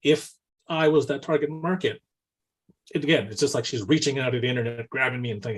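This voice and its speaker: A man with a slightly husky voice co-hosts a relaxed business podcast. He talks in a lively, coaching way, leaning on a constant "right?" and jumping into quick acted-out exchanges to make his points. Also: medium pitch. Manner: animated, says "right?" constantly, acts out quoted dialogue. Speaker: co-host. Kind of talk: casual business podcast chat.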